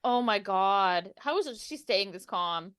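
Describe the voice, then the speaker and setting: A woman's voice: medium pitch, animated, measured pace, fairly bright tone, no room sound. Reactive woman co-host, dry mic. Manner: reactive, exclaiming in disbelief. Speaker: podcast co-host. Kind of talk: casual true-crime podcast chat.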